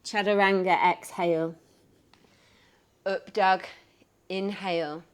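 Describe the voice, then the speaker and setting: Smooth-voiced woman guiding yoga. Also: medium pitch, takes it slowly. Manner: calm cueing of poses and breaths, upbeat. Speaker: yoga teacher. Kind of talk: guided yoga class instruction.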